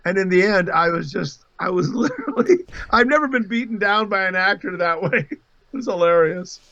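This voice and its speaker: A man guesting on a casual livestream, an animated storyteller who laughs often, heard over a video call. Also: sits high, brisk, no echo, lo-fi sound. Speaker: voice actor guest.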